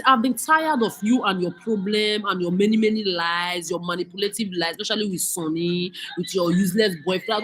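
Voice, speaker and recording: A woman's voice: medium pitch, slightly rough, low-quality recording. Furious Nigerian woman ranting. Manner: cursing, scolding, mixes in Pidgin. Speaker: vlogger. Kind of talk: angry rant monologue.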